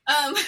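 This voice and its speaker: Her voice is high and the recording is low quality. She co-hosts a podcast, recapping reality TV in casual, blunt talk peppered with swearing and mimicked quotes.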